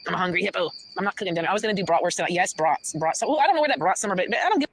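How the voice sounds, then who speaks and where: A woman's voice: fairly low pitch, lively intonation, very fast, noisy background. A woman ranting and rambling profanely in casual livestream talk. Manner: profane, rambling, swings between muttering and shouting.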